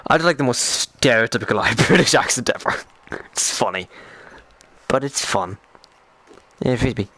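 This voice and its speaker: A man's voice: medium pitch, expressive, bright, forceful tone, no room sound. A young Irish man with an Irish accent, chatting casually and self-mockingly on a live stream. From Ireland. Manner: jokey, self-mocking, quick to laugh.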